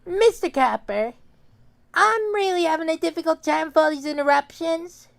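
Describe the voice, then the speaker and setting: A man's voice: very high voice, moderate pace, creaky, fairly bright tone, heavily acted. A man voicing a smug, hateful schoolboy who delivers a class speech in a nasal, sneering, mock-solemn way. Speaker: student speaker. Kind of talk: cartoon voice acting.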